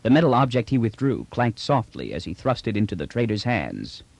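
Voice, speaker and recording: A man narrating an audiobook in measured storytelling fashion. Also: fairly low pitch, sing-song, vocal fry, a little mellow, no room sound. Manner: measured storytelling voicing each character.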